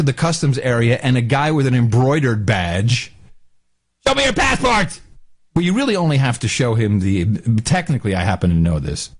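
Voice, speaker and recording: Ranting middle-aged man, lively pitch. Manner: angry, mimics officials in loud barking voices. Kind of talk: casual ranting monologue.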